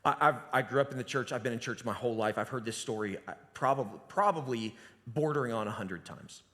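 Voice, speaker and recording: A man giving a sermon as pastor, telling the story conversationally and dropping to a hushed voice at times. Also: mid-range voice, brisk. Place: church sanctuary. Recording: long reverb of a church hall.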